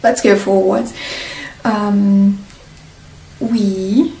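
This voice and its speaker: A woman from northern Italy with a Northern Italian accent, a native Italian speaker, teaching a slow, deliberate beginner language lesson in English and drilling words with pauses. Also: medium pitch, steady tone, roomy sound, far from the mic, poor audio.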